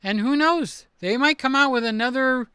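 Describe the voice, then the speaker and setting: An older man hosting a casual livestream, chatty and excitable as he reads out comments and gives shout-outs. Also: very high-pitched, normal speed, clean tone, no echo, clean studio sound. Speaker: livestream host.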